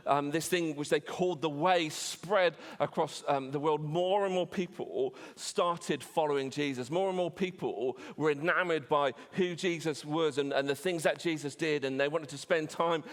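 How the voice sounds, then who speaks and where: Chatty preacher in a reverberant church. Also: male voice, on the high side. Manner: chatty, storytelling, many fillers and restarts. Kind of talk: sermon.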